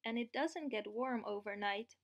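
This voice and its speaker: A woman reading aloud as a lively, enthusiastic young woman. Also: fairly high pitch, normal speed, lightly acted.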